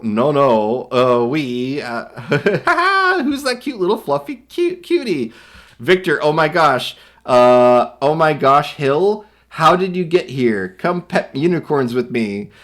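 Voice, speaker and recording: Giggly bright-voiced man streamer. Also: medium pitch. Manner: laughs often, reads captions aloud with quick silly voices. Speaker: streamer reading viewer art aloud. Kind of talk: casual reaction commentary.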